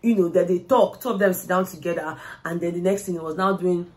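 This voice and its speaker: A young woman with a Nigerian accent recaps a reality show in a lively, casual way, slipping freely between English and Pidgin and acting out what people said. Her voice sits fairly low and she talks fast.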